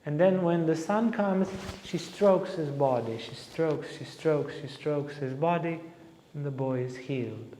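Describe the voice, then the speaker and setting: A man's voice: on the high side, unhurried, a little hiss or hum. A man teaching as a spiritual teacher, telling a story with animation and acting out the lines of the people in it. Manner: animated storyteller who acts out quotes. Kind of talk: storytelling talk. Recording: echoey hall reverb.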